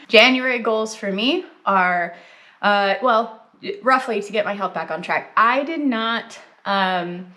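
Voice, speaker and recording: A woman's voice: mid-range voice, fairly bright tone. Chatty woman vlogging while snacking. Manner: chatty, lots of "like" and "um", eating while talking. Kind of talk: casual chat to camera.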